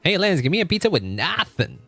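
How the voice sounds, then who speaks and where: A man voicing a cheeky, demanding little male cartoon character in a raised, excited voice. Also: sits high, fairly quick, dry recording, soft background music, voice pushed up, full character voice.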